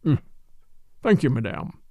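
A self-important French police commissary presses his questions in a formal, insistent manner, voiced by a male narrator. His pitch leaps and dips with emphasis, a touch high, and the sound is close and dry. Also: wildly swooping pitch, moderate pace, dry recording. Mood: pompous. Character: pompous middle-aged French police commissary.

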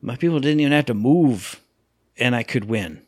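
Animated man chatting about games. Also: medium pitch, normal speed, slightly rough, no echo. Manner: animated, acts out sound effects and voices. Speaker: podcast co-host. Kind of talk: casual chat about video games.

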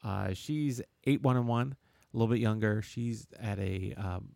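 A man co-hosting a casual sports chat, rambling and halting with lots of "uh"s and chuckles. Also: fairly low pitch, creaky, warm tone, no room sound, studio quality. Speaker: podcast co-host.

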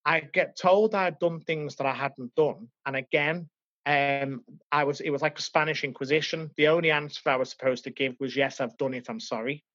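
A man's voice: fairly high pitch, fairly even intonation, moderate pace, a bit bright, no room sound. A man from Liverpool, England, telling his life story as an interview guest in an earnest, emotional, reflective way. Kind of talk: personal life story in conversation. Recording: dull, lo-fi, dry.

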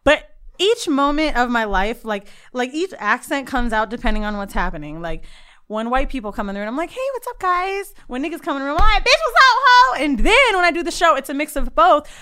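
A woman from Florida, co-hosting a podcast in a studio, telling stories in a loud, animated way and switching voices for the people she quotes. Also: on the high side, quick pace, clear, resonant tone. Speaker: podcast co-host. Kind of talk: casual chat.

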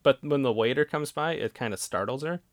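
A woman's voice: a bass voice, expressive, a little fast, dry recording, studio quality. A woman co-hosting a casual podcast, who retells movie scenes in a laid-back, agreeable way. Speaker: podcast co-host. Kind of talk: casual movie-review chat.

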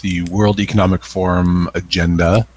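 A man co-hosting a casual podcast, dry and measured, reading out details. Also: deep voice, level tone, darkish tone. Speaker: podcast co-host.

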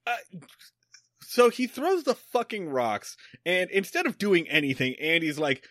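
High, animated man ranting. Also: normal speed, no room sound, clean studio sound. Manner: profane, ranting, heated. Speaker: podcast co-host. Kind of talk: casual chat.

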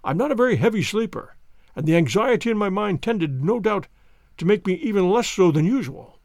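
Brief: male storybook reader, dramatic and animated, dry recording. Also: high voice, brisk, dry recording. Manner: lively, dramatic reading. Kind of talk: audiobook narration with character voices.

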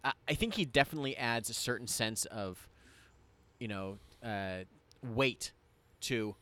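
A man in a loose podcast conversation, mid-pitched and easygoing. He rambles through his points with plenty of "you know" and "like", tossing in jokes along the way. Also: unhurried, pushed and bright. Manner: rambling, jokey, with many fillers. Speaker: podcast co-host. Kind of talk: casual chat.

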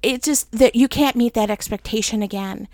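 A woman's voice: fairly high pitch, normal speed, darkish tone, no echo, studio quality. A middle-aged woman hosting a personal faith podcast, talking candidly and with self-deprecating humor, worn out while recovering. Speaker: podcast host.

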